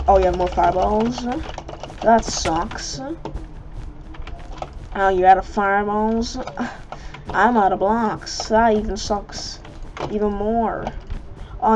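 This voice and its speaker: Woman gamer host, slow joking trash-talk, muffled lo-fi mic. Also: medium pitch, noisy background. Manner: rambling, joking, trash-talking. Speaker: gaming channel host. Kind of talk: casual gameplay commentary.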